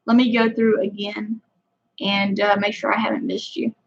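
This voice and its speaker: A woman's voice: mid-range voice, little pitch movement, normal speed, highs cut off. A woman with a Southern US country accent hosting a casual livestream, chatting with viewers in a rambling way full of fillers. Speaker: fishing channel host.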